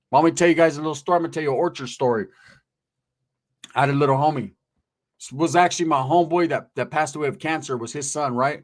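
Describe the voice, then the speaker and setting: A middle-aged man from Northern California hosting casual street commentary, rambling in profane, streetwise slang. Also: fairly high pitch. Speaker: host, commentator.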